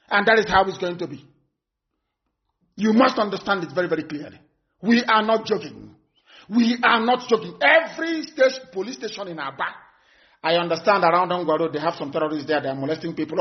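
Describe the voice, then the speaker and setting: A man giving a live broadcast address, delivering stern, repeated warnings that sometimes rise to shouts. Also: high-pitched. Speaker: activist broadcaster. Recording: dull lo-fi broadcast audio.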